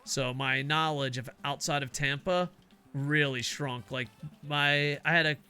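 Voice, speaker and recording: A man's voice: on the high side, steady tone, measured pace, sharp tone, clear, resonant tone, faint music behind. An older man, a semi-retired teacher, rambling casually and profanely while streaming a game, laughing often. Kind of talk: casual chat while gaming.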